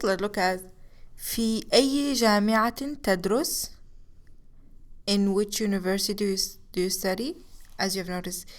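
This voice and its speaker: Woman language teacher, patient explaining delivery, lesson voice-over. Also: mid-range voice. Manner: explains slowly, switching between English and Arabic examples.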